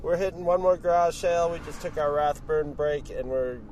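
A man's voice: a little high, moderate pace, darkish tone. Crude joking man in a noisy car. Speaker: podcast co-host. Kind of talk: casual chat recorded in a car. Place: inside a moving car. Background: car and street noise.

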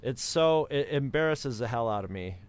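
A man's voice: mid-range voice, lively intonation, moderate pace, very noisy. An American man co-hosting a casual chat, rambling with many restarts as he talks. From United States. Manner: rambling, with many restarts and impressions of other accents.

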